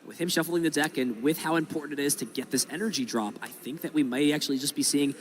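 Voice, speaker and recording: A man's voice: fairly high pitch, quick pace, a little hiss or hum. A man commentating a live card game match, talking through each play in analytical detail. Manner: analytical, explains plays at length.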